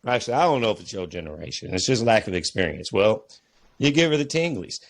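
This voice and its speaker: Speaking quickly in a fairly low, sing-song voice, this man is a dad who co-hosts a podcast. His talk is lively, casual, and full of profanity, and he mimics people in mocking voices while telling stories.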